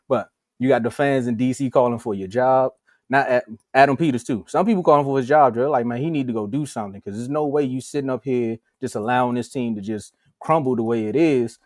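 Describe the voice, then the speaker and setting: A man co-hosting a sports talk show in casual, animated, slangy chat over a video call. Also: mid-range voice, fairly quick, no room sound, clean studio sound. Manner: animated, slangy, acts out quotes.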